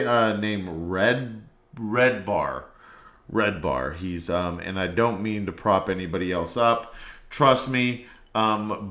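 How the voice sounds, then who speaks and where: A man with a somewhat low voice hosts a solo podcast in a relaxed, meandering monologue. He rambles from one thought to the next. His voice rings in a roomy, echoey space. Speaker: podcast host. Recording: echoey room.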